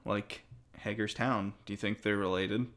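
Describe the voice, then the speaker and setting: A man co-hosting a podcast, relaying notes with dry, deadpan quips in casual chat. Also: fairly low pitch, moderate pace, creaky. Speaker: podcast co-host.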